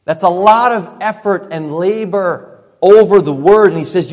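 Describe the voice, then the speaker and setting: A male pastor preaching a sermon, emphatic, dropping to a hush for effect and piling up repeated phrases. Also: high voice, measured pace. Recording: long reverb from a large hall.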